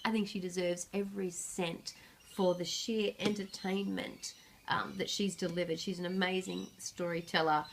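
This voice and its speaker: A woman's voice: on the low side, little pitch movement, moderate pace, creaky, a little hiss or hum. A woman psychic reading oracle cards and books for a viewer, in an earnest, reflective way with light laughs. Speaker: psychic reader.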